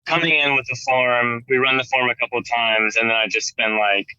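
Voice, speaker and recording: Bright-voiced American guy rambling casually. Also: medium pitch, steady tone, a little fast, clean tone, no echo, dull audio. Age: 30s. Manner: rambling, lots of "like" and restarts. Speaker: guest guitarist. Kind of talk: casual conversation.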